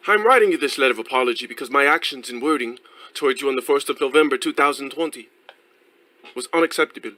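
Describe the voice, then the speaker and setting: A man's voice: mid-range voice, fast, bright, forceful tone, pitched above the performer's own voice, lightly acted, rough recording. A man reading a formal apology aloud in a stiff, botched fake English accent, played from a stream clip. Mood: pompous.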